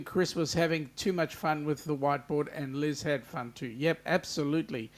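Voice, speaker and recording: An Australian man hosting a casual livestream, chatting loosely with lots of ums and greeting viewers by name. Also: a little high. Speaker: livestream host. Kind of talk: casual live-chat greetings.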